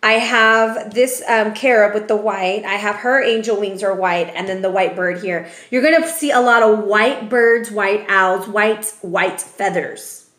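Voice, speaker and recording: A woman's voice: medium pitch, unhurried, few pauses, fairly bright tone. A woman giving a casual tarot reading, chatty and profane, often ending remarks with "okay?". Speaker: tarot reader. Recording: roomy echo.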